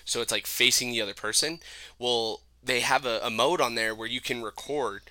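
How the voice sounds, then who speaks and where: Animated young man, bright and dry. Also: mid-range voice, moderate pace, no room sound. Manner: animated storytelling, heavy swearing and "like" fillers, mimics voices. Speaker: podcast co-host. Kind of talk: casual chat.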